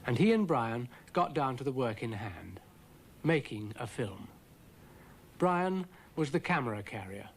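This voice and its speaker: A man's voice: medium pitch, very animated, a little slow, a little hiss or hum. A man narrating a cartoon storybook in a dry, wry manner.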